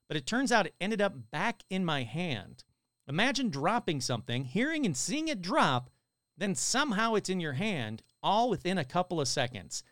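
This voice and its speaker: A male host reads creepy listener stories on a live stream, his voice swinging up and down as he jokes between them. His voice sits a bit high for a man. The sound is dry and close, with no room echo. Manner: animated, joking asides between stories. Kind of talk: live-stream story reading with chat.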